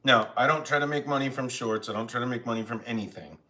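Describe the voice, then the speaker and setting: A man's voice: mid-range voice, fast, sharp tone. A man hosting a live stream from home, chatting casually and rambling while he eats, with jokes at his own expense. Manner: rambling, self-mocking, chatty. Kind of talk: casual chat while eating. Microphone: phone.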